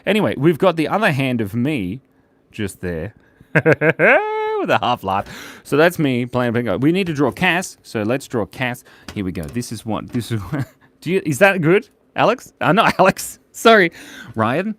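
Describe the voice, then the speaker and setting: A man's voice: mid-range voice, big pitch swings, moderate pace, a bit bright, dry recording. A man hosting a live drawing stream in a playful, chatty, jokey way. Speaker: host and illustrator.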